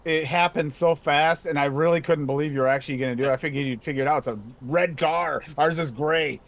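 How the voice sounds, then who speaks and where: A man's voice: on the high side, steady tone, fast. A man co-hosting a casual podcast chat, telling a story in a sheepish, stammering, defensive way. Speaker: podcast co-host.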